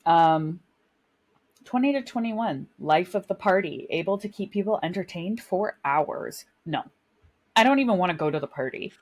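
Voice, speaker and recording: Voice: mid-range voice, lively intonation, normal speed. A podcast co-host in casual chat, rambling and self-mocking, laughing often.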